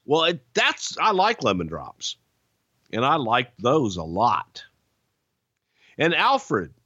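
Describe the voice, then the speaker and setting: A man's voice: mid-range voice, dry recording, highs cut off. A man hosting a podcast, telling stories in a casual, profane, laughing way. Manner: animated, profane, laughing storyteller. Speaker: podcast host. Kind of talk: casual storytelling.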